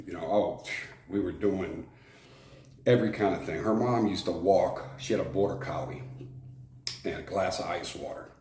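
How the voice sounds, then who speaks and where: A man's voice: low-pitched, moderate pace, darkish tone. A man from Arizona, a former prison shot caller, telling his life story frankly in an interview, rambling with fillers and restarts. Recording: echoey room with faint noise.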